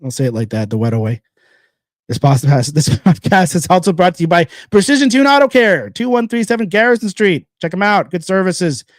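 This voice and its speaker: A man's voice: high-pitched, animated, a little fast, no room sound, studio quality. Blunt rambling man hosting a podcast. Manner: blunt and rambling, with repeated phrases and sponsor shout-outs. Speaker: podcast host. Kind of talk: casual solo podcast monologue.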